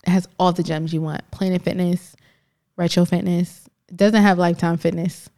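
A woman co-hosting a podcast in casual, rambling chat, laughing often and jumping between tangents. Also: on the low side. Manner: animated, rambling, quick to laugh. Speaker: podcast co-host.

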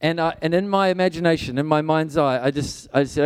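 A man's voice: a little high, a little fast, hardly any pauses, smooth. A man preaching a sermon, telling a personal story in an earnest, conversational way with frequent restarts.

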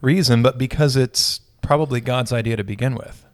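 A man's voice: medium pitch, brisk, no echo. Man, pastor, casual faith chat, rambling, self-correcting, dry close sound. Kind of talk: casual conversation about faith.

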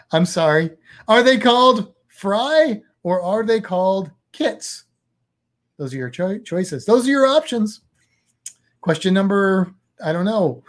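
A man's voice: high-pitched, very animated, takes it slowly, long pauses. A man hosting a casual quiz chat, reading multiple-choice questions with playful jokes. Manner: playful, jokey quizmaster. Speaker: host.

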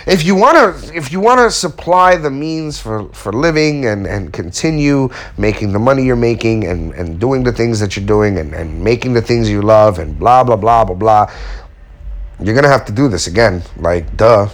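Give me a blunt, animated man giving a casual motivational talk in slangy speech. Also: mid-range voice, moderate pace. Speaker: woodworker and furniture maker.

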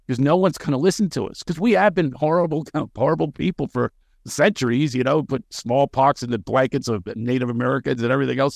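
A man talking as a podcast guest, animated and quick with sarcastic jokes. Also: on the high side, gravelly, no room sound, clean studio sound. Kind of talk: podcast interview conversation.

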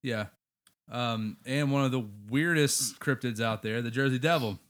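A man's voice: mid-range voice, moderate pace. A man hosting a casual podcast chat, joking with friends and steering the talk. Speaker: podcast host.

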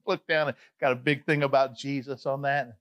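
A middle-aged man from Atlanta, Georgia with a Southern accent, preaching a sermon as a chatty, animated storyteller with frequent asides. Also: medium pitch, moderate pace. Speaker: pastor.

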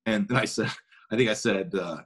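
A man's voice: on the low side, fairly quick, a bit bright, slightly rough. A middle-aged man, a former baseball player, casually telling a long anecdote with restarts and quoted dialogue. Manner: rambling, with many restarts and acted quotes.

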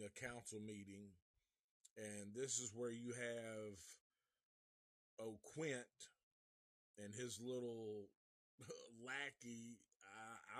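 A man's voice: fairly low pitch, dry recording. A man giving a casual live movie review, rambling and swearing freely, with many restarts. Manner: rambling, profane, restarts often.

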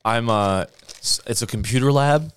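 A man co-hosting a casual podcast chat, joking around in a relaxed, profane way. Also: medium pitch, moderate pace, smooth. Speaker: podcast co-host.

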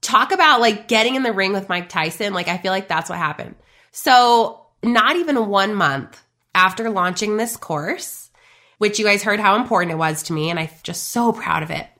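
A woman's voice: medium pitch, lively intonation, moderate pace, bright, forceful tone. A woman hosting a podcast, telling a personal business story in a chatty, emphatic way and talking straight to her listeners. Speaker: podcast host and business coach. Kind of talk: casual motivational monologue.

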